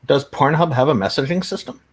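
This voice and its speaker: A man's voice: a little high, lively intonation, quick pace. A man hosting a casual chat with friends and making dry jokes. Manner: wry, joking. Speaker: host.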